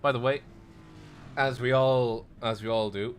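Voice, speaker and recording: A man's voice: medium pitch, fairly even intonation, a little slow, a little hiss or hum. A man commentating on a sim race in casual chat, rambling with playful asides.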